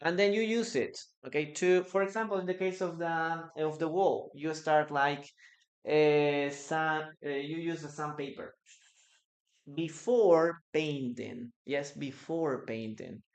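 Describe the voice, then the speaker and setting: This English teacher speaks Spanish natively and is explaining a lesson live online in a mid-range voice. The delivery is slow, with frequent hesitations and phrases repeated.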